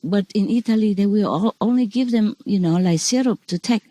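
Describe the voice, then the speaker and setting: A woman's voice: mid-range voice, a little fast, mellow. A woman speaking as a spiritual teacher in an informal talk over a video call, rambling and repeating words for emphasis.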